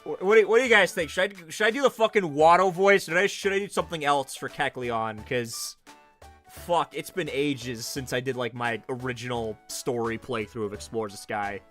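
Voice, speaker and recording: A man's voice: medium pitch, normal speed, a bit bright, soft background music. A man giving casual gaming commentary, swearing often and talking to viewers. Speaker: let's play streamer.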